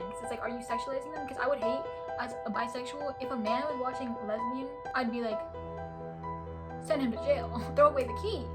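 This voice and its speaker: High-voiced young woman, giggly vlog chat. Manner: animated, giggly, dramatic reactions. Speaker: vlogger reading confessions. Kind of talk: casual chat. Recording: loud music playing behind the voice.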